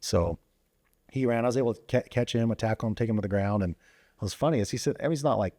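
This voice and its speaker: A man who is a former police officer, telling stories as a podcast guest in a quick, animated way full of fillers and restarts. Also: fairly low pitch, no room sound. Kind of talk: casual storytelling interview. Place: podcast studio.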